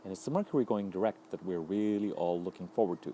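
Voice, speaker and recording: Male astrologer, lowish mellow voice, measured solo talk, faint hiss behind. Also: lively intonation. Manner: thoughtful, unhurried, lists ideas in repeated phrases.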